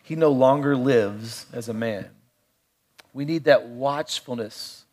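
A middle-aged man preaching a sermon in a conversational way, with playful asides and quiet, reflective stretches. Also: mid-range voice, slow pace. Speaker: pastor.

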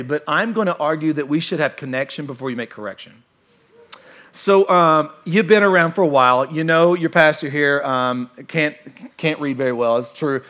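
Animated male pastor preaching. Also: a little high. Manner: animated and conversational, with playful asides. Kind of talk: sermon.

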